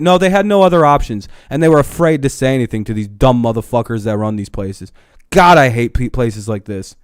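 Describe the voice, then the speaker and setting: A man's voice: mid-range voice, animated, a little fast, clear, resonant tone, dry recording, clean studio sound. A young man hosting a live stream who rants heatedly, swearing often. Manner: heated, profane, ranting. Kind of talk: casual live stream rant.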